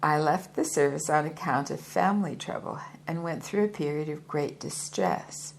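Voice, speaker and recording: A woman's voice: deep voice, moderate pace, gravelly, slight background noise. A woman voicing a proud, hefty male yogi and former soldier who speaks formally and politely, calling his listener sir. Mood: earnest.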